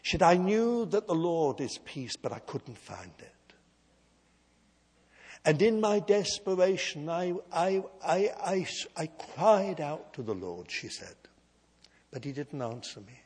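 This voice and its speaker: Slow, husky preacher in a reverberant hall. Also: male voice, on the high side, very animated. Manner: storytelling, slow and emphatic with big swings in loudness. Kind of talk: sermon.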